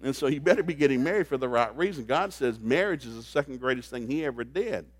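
A middle-aged man preaching a humorous sermon on marriage, folksy and joking, swinging from quiet asides to loud bursts. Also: mid-range voice, expressive, fast, husky. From grew up in a blue-collar factory family.

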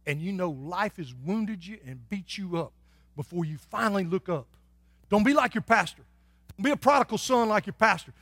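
Male pastor, high-pitched, folksy preaching from hushed to shouting. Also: animated, normal speed, no echo. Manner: folksy, swings from soft and low to loud and shouting. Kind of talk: sermon.

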